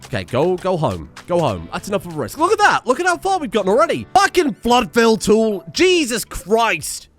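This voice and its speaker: A man with a fairly high, very lively voice, commentating on his own gameplay in bursts of exasperation and cursing. He keeps talking to the little characters on screen as he plays. Soft music runs underneath. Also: brisk, few pauses. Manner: animated, exasperated, swears often, talks to game characters. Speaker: gaming video creator. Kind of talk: let's-play game commentary.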